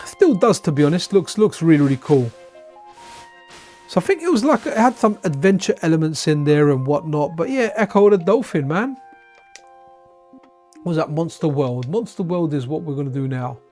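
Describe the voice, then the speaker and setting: A man's voice: fairly high pitch, very animated, moderate pace, pauses often, darkish tone, soft background music. A tired man chatting loosely while he plays old console games on a live stream, rambling and repeating himself. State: tired, yawning. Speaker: streamer playing retro games. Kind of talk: casual live-stream commentary.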